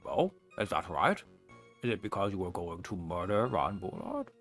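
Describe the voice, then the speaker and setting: A man voicing a fussy, gullible elderly judge who makes slow, pompous pronouncements. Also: deep voice, big pitch swings, fairly bright tone, soft background music, heavily acted. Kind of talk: fan voice acting over a game.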